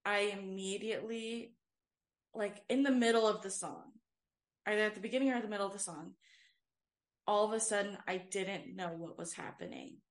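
A woman's voice: mid-range voice, moderate pace. A young woman co-hosting a casual faith podcast, telling a personal story in an earnest, rambling way full of "like" and "um". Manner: earnest, filler-heavy storytelling with frequent "like". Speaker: podcast co-host and worship leader. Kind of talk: casual chat, personal testimony.

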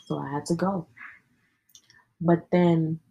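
A woman's voice: lowish voice, steady tone, takes it slowly, creaky, dark tone, slightly rough, lo-fi sound. A young adult woman hosting a podcast, telling personal stories in a slangy, candid, casual way with plenty of swearing. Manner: slangy, candid, sprinkled with profanity. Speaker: podcast host. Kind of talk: casual storytelling chat.

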